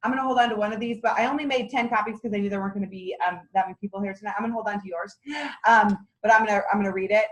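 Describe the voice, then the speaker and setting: A woman's voice: medium pitch, fairly even intonation, racing, rough recording. A middle-aged woman leading a sales team meeting, giving an enthusiastic, folksy motivational talk on booking.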